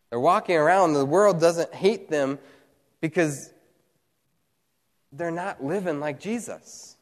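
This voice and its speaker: A man preaching a sermon as pastor, telling a story with earnest, animated delivery and dramatic pauses. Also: fairly high pitch, long reverb tail. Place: church hall, also streamed online.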